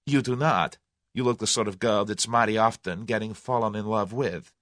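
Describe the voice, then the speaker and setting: A man's voice: on the low side, moderate pace, a bit bright, no room sound, clean studio sound, natural voice. A man voicing a brash, confident young man with a breezy, direct way of talking. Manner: breezy, direct, folksy slang.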